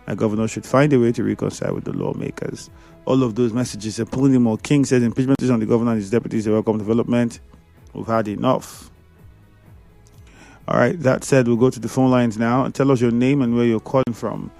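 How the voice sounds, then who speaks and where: A Nigerian man hosting a radio call-in show, briskly reading out listener messages and taking calls. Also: medium pitch, gravelly, dark tone. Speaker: radio host. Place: radio studio.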